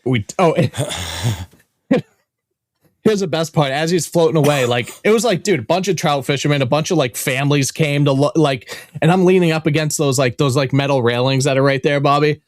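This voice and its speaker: A man hosting a podcast and telling a long story in an animated, profane, casual way. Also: a little high, a little fast, no echo, studio quality. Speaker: podcast host. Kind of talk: casual chat.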